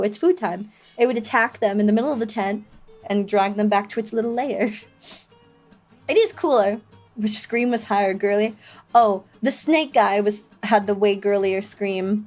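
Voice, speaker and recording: A woman streamer casually telling a story to her chat, laughing often and acting out the voices of panicked people. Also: medium pitch. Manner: shrieks when quoting panicked people.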